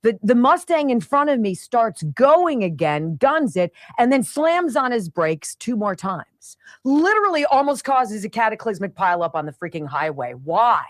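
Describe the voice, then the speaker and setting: A woman in her fifties hosting a radio show, telling stories in a chatty, animated way. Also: fairly high pitch, moderate pace, few pauses, no echo, clean studio sound. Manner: chatty, animated storytelling with sound effects and laughs. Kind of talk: casual monologue. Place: radio studio.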